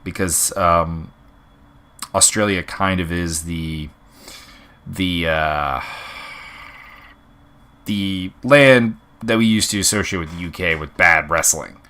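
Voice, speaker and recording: A man with a deep voice and a bright, forceful edge talks through his fight picks off the cuff. He rambles, restarting sentences and filling pauses with ums and uhs. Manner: rambling, many fillers and restarts. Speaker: MMA fight predictions host. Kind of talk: casual unscripted commentary.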